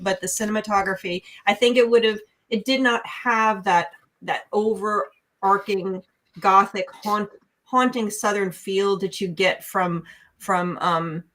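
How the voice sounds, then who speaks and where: A woman from New York talking casually on a podcast about movies. She is analytical and opinionated, restarting her sentences as she thinks, and her voice sits at a middle pitch. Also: fairly bright tone. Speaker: podcast co-host, film reviewer. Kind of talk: casual chat.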